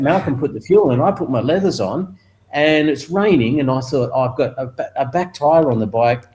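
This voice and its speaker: Animated older Australian man telling stories. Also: slight background noise, low-quality recording. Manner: animated, acts out other people's voices with raised pitch and laughs. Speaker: guest, retired motorcycle racer. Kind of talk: storytelling in an interview.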